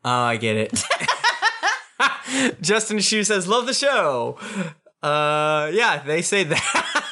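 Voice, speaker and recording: A man's voice: a little high, very animated, slow, sharp tone. A man hosting a podcast, reading listener reviews aloud in a casual, amused way and laughing often. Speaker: podcast host.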